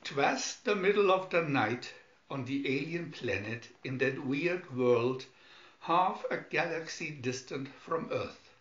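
Slow, deliberate male storybook reader. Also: fairly high pitch, fairly bright tone. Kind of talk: storybook narration. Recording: echoey, dull home recording.

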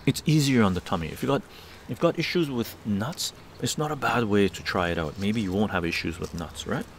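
A man with a low, gravelly voice chats easily with his live stream audience, wandering from point to point and checking in with a constant "right?". He is recorded outdoors, with faint background noise behind him. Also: lively intonation, fairly quick. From Canada. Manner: rambling, tag questions like "right?". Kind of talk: casual chat. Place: outdoor patio garden.

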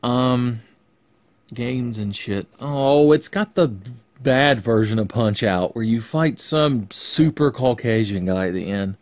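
A man's voice: mid-range voice, slow, darkish tone. A man casually vlogging from his bedroom while unboxing, sarcastic and profane, rambling to the camera balanced on his face.

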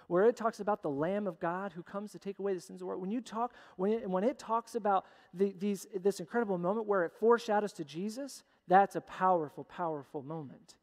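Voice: mid-range voice, brisk, few pauses, a little mellow. A pastor preaching a sermon with emphatic, repeated phrases, recorded in a church sanctuary. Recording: long church hall reverb.

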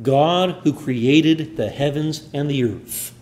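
A man preaching a sermon in a church, earnest, building emphasis then falling to quiet endings. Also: on the high side, slow, slight background noise.

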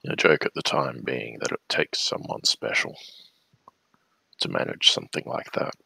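Low gravelly man, dry wry chat. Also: animated, moderate pace, pushed and bright, dry recording. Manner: dry, wry anecdote-telling. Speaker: livestream host painting miniatures. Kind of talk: casual chat.

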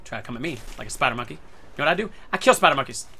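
A man giving excitable gameplay commentary who swears a lot and breaks into sudden shouts. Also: mid-range voice, very fast, vocal fry, breathy edge. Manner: talks to himself and his teammates. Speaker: gaming video creator.

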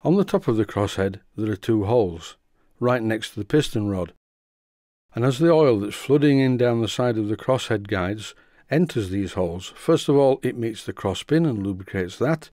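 A middle-aged man from the north of England, calmly and methodically narrating a model engine rebuild. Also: lowish voice, normal speed, no echo, studio quality. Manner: calm, methodical explaining. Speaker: model engineering channel host. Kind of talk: workshop voice-over narration.

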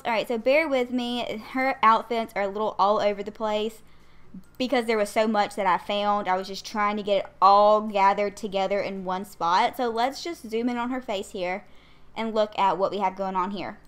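A woman's voice: medium pitch, fairly bright tone, clean tone. A young woman chatting casually as a gaming YouTuber, bubbly and giggly, rambling along a little out of breath. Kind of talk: casual chat.

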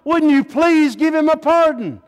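A man's voice: very high voice, lively intonation, measured pace, pitched above the performer's own voice. A preacher voicing a desperate middle-aged mother pleading for her son's life, his voice climbing as he pleads. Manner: pleading, voice rising to a cry. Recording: long hall reverb.

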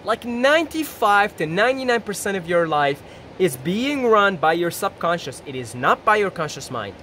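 A man's voice: high-pitched, normal speed, a little hiss or hum. A man giving a casual, rambling motivational talk to camera, acting out quoted voices. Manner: animated, rambling, acts out little quoted voices, laughs often. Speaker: self-help YouTuber.

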